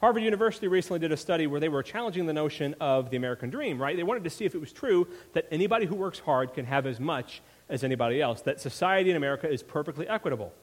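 A man's voice: fairly high pitch, animated, very fast, hardly any pauses. A man preaching a sermon in a conversational way, often checking in with his listeners. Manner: conversational, frequent "right?" asides. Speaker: pastor. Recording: long reverb of a large hall.

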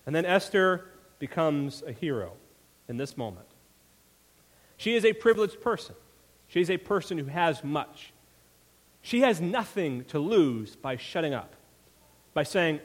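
A pastor with a high, expressive, fairly bright voice preaches a sermon at a moderate pace, pausing often. His style is conversational, full of "right?" asides checking in with listeners, and the recording carries the long reverb of a large hall.

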